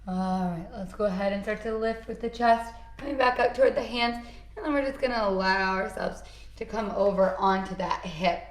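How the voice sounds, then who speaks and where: A woman teaching a yoga class, calmly cueing poses and breaths with encouraging asides. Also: medium pitch, moderate pace, roomy sound. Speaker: yoga instructor. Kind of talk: guided yoga class instruction.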